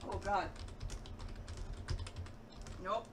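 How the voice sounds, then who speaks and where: A woman's voice: very slow, distant mic. A woman chatting casually with the streamer in his room during a game stream, swearing freely and laughing often. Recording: off-mic with background noise.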